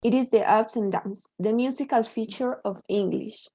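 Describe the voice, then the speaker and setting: A woman's voice: on the high side, moderate pace, mellow. A woman student in an online class, carefully reading a definition aloud.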